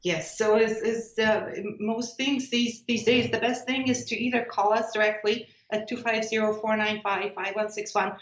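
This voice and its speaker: Brief: winery woman guest, steady and informative, roomy muffled line. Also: a little high. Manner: measured, informative, frequent fillers. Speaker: winery representative. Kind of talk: radio interview guest.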